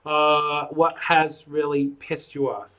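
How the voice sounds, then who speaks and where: A man's voice: fairly high pitch, level tone, slow pace, sharp tone, smooth, low-quality recording. An American man in his thirties hosting a live call-in political talk show, opinionated and full of "uh" fillers. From United States. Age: 30s. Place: home studio in the UK.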